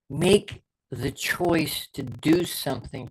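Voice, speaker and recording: A man's voice: on the high side, normal speed, slightly rough, poor audio. A middle-aged man hosting a podcast, giving a fervent motivational talk as a performance coach and repeating key words for emphasis.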